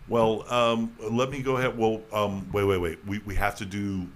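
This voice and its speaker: Male talk host, on the low side, loose and rambling, quick with a joke. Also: little pitch movement. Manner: rambling, repeats himself, jokey. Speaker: podcast host. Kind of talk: casual chat.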